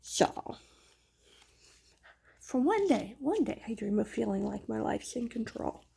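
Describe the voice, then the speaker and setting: A craft vlogger and mother chats while crafting on her own channel, rambling in a candid, self-deprecating way. Her slightly high voice is sing-song, slow, gravelly, mellow and husky.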